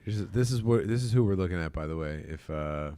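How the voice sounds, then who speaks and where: Lively low-voiced man cracking crude jokes. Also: brisk, smooth, dry recording, clean studio sound. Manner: crude jokey banter, laughs often. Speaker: podcast co-host. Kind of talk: casual chat watching fight videos.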